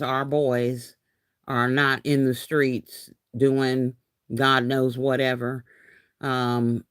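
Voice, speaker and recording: A woman's voice: rumbling low, clean tone, no room sound. Live craft host, woman in her fifties, chatty and laughing, dry close-mic sound. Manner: chatty, laughs often, says y'all a lot. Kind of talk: casual live-stream chat reading comments.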